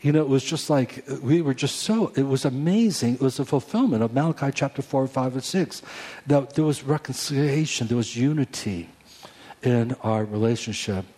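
Pastor in his 40s, sermon testimony; warm low voice with a husky edge, earnest, restarts often. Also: normal speed. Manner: earnest storytelling with many restarts.

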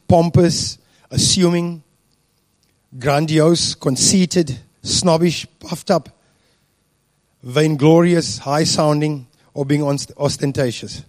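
A man giving a sermon, speaking deliberately with frequent fillers and restarts. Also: fairly high pitch, darkish tone, no room sound. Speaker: preacher.

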